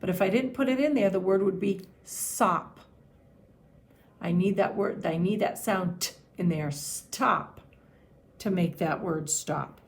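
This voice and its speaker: A woman teacher giving a patient phonics and handwriting lesson to young children, sounding out each letter slowly. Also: lowish voice, gravelly, warm tone.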